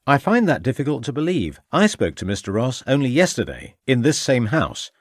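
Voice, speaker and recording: Formal period police inspector, voiced by a man, precise and insistent, lively pitch, close dry audiobook sound. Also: moderate pace, dry recording. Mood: probing. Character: sharp, probing male police inspector.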